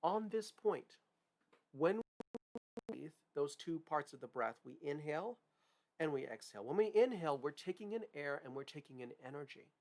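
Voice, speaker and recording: A man's voice: on the high side, expressive, moderate pace, darkish tone. A man teaching a music lesson, explaining with frequent "right?" and "okay?" check-ins. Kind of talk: piano lesson demonstration.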